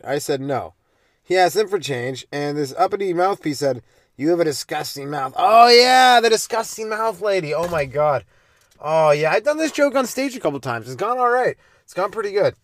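A man's voice: a little high, dry recording, studio quality. A young man, a stand-up comedian, telling rambling profane stories from his car in a driveway. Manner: loose, profane, meandering, with sudden loud jumps. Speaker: stand-up comedian hosting a podcast. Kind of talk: casual rambling storytelling.

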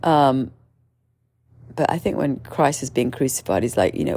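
Woman, deep voice, gravelly fry, mellow tone, candid rambling storytelling. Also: lively intonation, normal speed. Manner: candid, meandering, with many fillers and restarts; mimics others with sudden shrill outbursts. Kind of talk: casual storytelling monologue.

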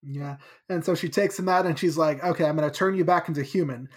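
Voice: medium pitch, quick pace, slightly rough. A podcast host casually recapping a book chapter in a chatty, playful way.

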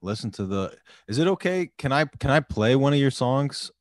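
A man's voice: medium pitch, lively intonation, normal speed, no room sound, clean studio sound. A man hosting a casual podcast, laid back and mostly giving short agreeing replies. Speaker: podcast host.

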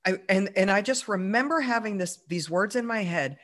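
A woman's voice: medium pitch, lively intonation, normal speed, a bit bright. A woman as an interview guest, chatting through a personal story with plenty of fillers and easy laughs. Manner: chatty, many fillers, laughs while telling.

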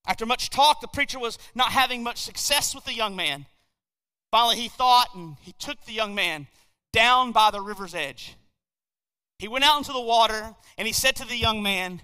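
A man preaching a sermon in a church, telling a story with animated energy and frequent restarts. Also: very high-pitched, a little fast, smooth. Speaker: pastor. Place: church sanctuary. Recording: long reverb of a church hall.

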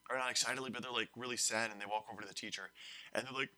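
Racing along at a medium pitch, this young man spins a casual podcast story. He wanders off track, fixes his own words as he goes, and keeps the retelling lively.

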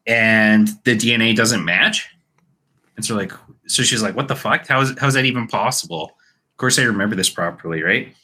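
Bright-voiced young man telling a story. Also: fairly low pitch. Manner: rambling, laughs often, storytelling. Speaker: podcast co-host. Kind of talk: casual podcast chat.

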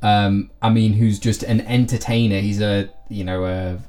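Rambling man with a mellow voice. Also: fairly low pitch, fairly even intonation, moderate pace. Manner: rambling, many restarts and repeated words. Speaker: podcast co-host. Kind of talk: casual film review chat.

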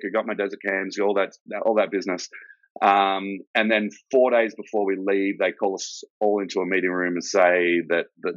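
A man's voice: lowish voice, a bit bright, no echo. An Australian man, middle-aged, a laid-back former soldier telling his story in a casual interview and swearing freely. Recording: dull, lo-fi and dry.

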